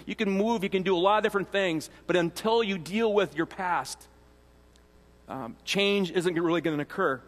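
High-voiced man preaching in a reverberant hall. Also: normal speed. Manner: conversational teaching with frequent restarts and asides. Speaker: pastor. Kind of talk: sermon. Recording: long reverb of a large hall.

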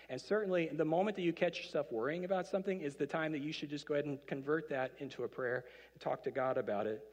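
A man preaching a conversational sermon, with playful asides and quoted voices he acts out. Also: a little high. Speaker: pastor. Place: church auditorium. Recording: reverberant hall.

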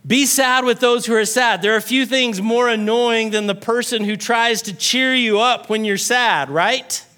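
Male pastor, middle-aged, sermon, very high voice, bright tone, playful and animated. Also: moderate pace, clear, resonant tone. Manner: animated, joking, acts out quoted voices.

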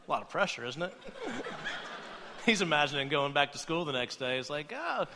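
Man, high voice, playful sermon, long hall reverb. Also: normal speed, noisy background. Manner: playful, animated, acts out quoted voices. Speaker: pastor. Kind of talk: sermon with humor.

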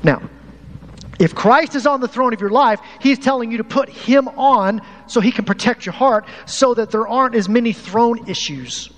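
A man preaching a lively sermon to his congregation as pastor, animated and talking straight to the people in the pews. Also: very high-pitched, normal speed. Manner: animated, uses props, talks to the congregation. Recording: hall reverb, faint room noise.

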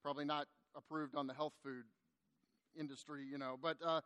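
A man preaching, telling a long story to make his point, animated at times and hushed in the sad parts. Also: on the high side, a little fast, clean tone, dry recording. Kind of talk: sermon storytelling.

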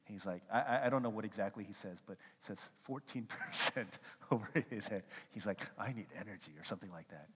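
A male pastor preaching a sermon, telling animated stories and acting out quotes as he goes. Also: fairly low pitch, fairly quick, hardly any pauses, a little hiss or hum. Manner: animated storytelling with acted-out quotes. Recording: long hall reverb.

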